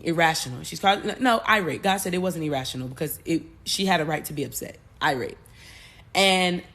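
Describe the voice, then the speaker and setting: A woman hosting a podcast, retelling a movie plot in a loose, animated way, with cursing and frequent self-corrections. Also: medium pitch. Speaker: podcast host.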